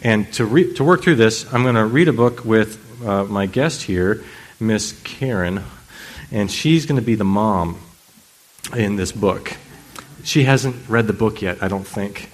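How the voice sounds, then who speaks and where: A man's voice: lowish voice, a little slow. A man teaching and reading a children's book aloud, speaking in a friendly, plain way. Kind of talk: read-aloud storytelling. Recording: echoey room from a distant mic.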